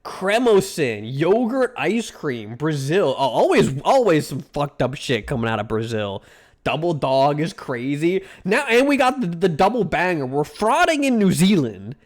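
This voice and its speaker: A man's voice: on the high side, very animated. A man streaming live, reacting to food pictures and chatting with viewers in a rambling, crude, joking way. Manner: rambling, crude jokey banter, drawn-out food names. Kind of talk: casual live-stream chat.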